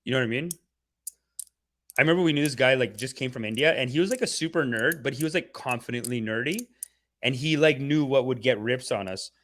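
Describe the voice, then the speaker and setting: A man's voice: medium pitch, fairly quick, a bit bright. A young man hosting a livestream, chatting casually and rambling playfully while talking to his viewers. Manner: rambling, playful, talks to chat. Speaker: livestream host.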